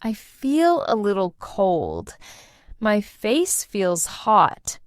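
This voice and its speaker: A woman reading a short first-person story aloud for English learners, in a slow and deliberate manner. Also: medium pitch, wildly swooping pitch, clean tone, no echo, studio quality. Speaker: English teacher narrator.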